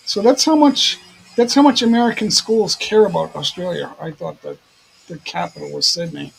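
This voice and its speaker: A man's voice: high voice, fairly even intonation, moderate pace, creaky, husky, low-quality recording. A man hosting a livestream in casual chat, rambling and repeating himself. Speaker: livestream host.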